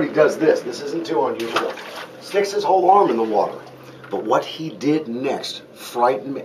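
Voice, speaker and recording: A man in his forties with a Southern US accent, an airboat tour captain telling a story to passengers in a folksy, joking, dramatic way. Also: medium pitch. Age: 40s. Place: outdoors on an airboat in the swamp. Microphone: tourist's camera some distance away. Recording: distant voice with outdoor noise.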